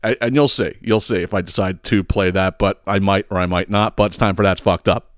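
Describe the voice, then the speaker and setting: A man's voice: deep voice, steady tone, fairly quick, no room sound, studio quality. Profane, exasperated man hosting a podcast. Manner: profane, exasperated storytelling with frequent laughs. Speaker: podcast host. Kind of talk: casual comedic rant.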